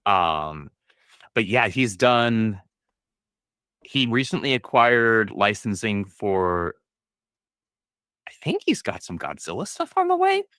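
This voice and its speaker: A man with a lowish, forceful voice co-hosts a casual podcast chat. He speaks hesitantly, filling gaps and correcting himself, in a dry, close recording. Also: wildly swooping pitch, slow pace, pauses often, no room sound. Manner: hesitant, many ums and self-corrections. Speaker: podcast co-host.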